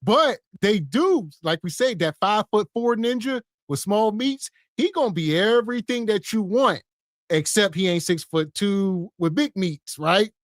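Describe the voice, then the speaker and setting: A man co-hosting a podcast who gives blunt, slangy reactions in a drawn-out delivery. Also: high-pitched, expressive, dry recording, clean studio sound. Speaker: co-host reacting to a clip. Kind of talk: casual podcast reaction chat.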